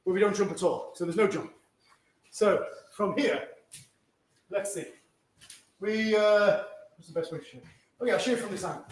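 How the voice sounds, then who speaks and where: Man, karate instructor, instructive, checks in with "yeah?", high voice, echoing hall. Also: moderate pace, long pauses. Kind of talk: teaching a martial arts class. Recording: echoey room from a distance.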